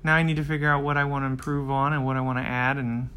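A man's voice: medium pitch, flat delivery, racing. A man acting as game master, narrating a tabletop role-play game in a casual, loose way.

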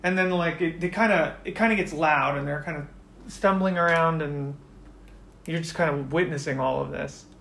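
A game master narrating a tabletop role-playing scene in a relaxed way, with many fillers. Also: mid-range voice, moderate pace.

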